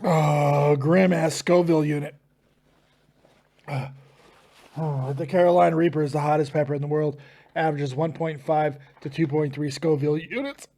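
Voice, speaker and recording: A man's voice: a little high, steady tone, normal speed, mellow. A man hosting a live stream, groaning and swearing while his mouth burns from a hot pepper.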